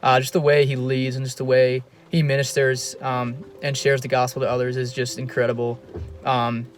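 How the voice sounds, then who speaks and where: A young man giving a heartfelt recorded tribute to a friend, earnest and halting, with many ums and restarts. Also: medium pitch, flat delivery. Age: young adult. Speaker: college student giving a tribute.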